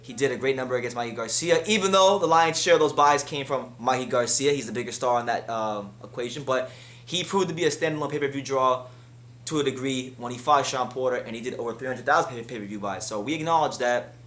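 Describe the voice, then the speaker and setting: A man hosting a boxing news commentary, talking heatedly and climbing higher in pitch when he gets frustrated. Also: fast talker, a bit bright, reverberant. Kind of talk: solo commentary.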